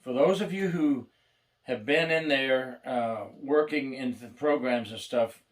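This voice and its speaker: A man's voice: mid-range voice, unhurried. An older retired corrections officer, a man, telling blunt, wry stories about prison life in a casual, plainspoken way. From United States. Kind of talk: casual storytelling to camera.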